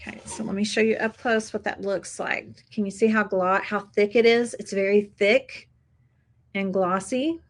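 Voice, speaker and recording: A woman's voice: medium pitch, fairly even intonation, moderate pace, rough recording. Chatty woman hosting a craft tutorial. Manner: chatty, upbeat, addresses viewers as "you guys". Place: craft table indoors.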